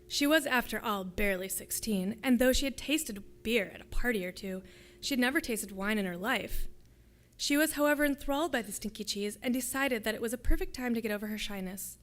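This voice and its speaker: A woman's voice: a little high, brisk. Woman reading her story aloud. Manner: steady, descriptive storytelling. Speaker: graduate student reader. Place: lecture hall.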